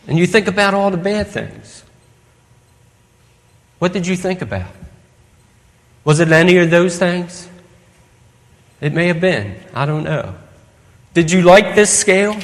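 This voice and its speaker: A man with a high, light voice preaches an earnest evening sermon and keeps asking the congregation questions. His words ring out with a long reverb, as in a church hall. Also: very animated, a little slow, pauses often, a bit bright.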